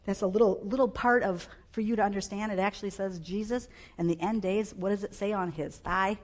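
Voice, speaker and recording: Animated woman preaching with emphatic bursts. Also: medium pitch, fairly quick. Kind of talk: sermon. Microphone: clip-on mic.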